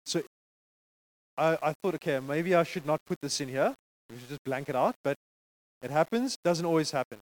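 A man preaching a sermon to a congregation, conversational and animated, checking in with frequent asides to the listeners. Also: high voice, no room sound, low-quality recording.

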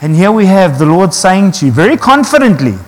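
A man's voice: sits high, sing-song, brisk, big-room sound. A man, preaching earnestly to his congregation and asking rhetorical questions. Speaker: pastor. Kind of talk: sermon.

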